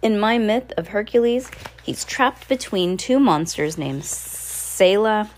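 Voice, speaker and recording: A gloomy, bookish boy in a storybook, voiced by a woman reading aloud. He sounds anxious and worried, pitched above her usual voice. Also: animated, slow pace.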